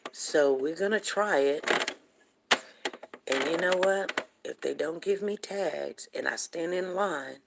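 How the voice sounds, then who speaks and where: Woman, livestream host, low voice, gravelly fry, rambling casual chat with viewers. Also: slow, long pauses, a little hiss or hum. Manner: chatty, rambling, talks straight to viewers; greets viewers from the chat by name.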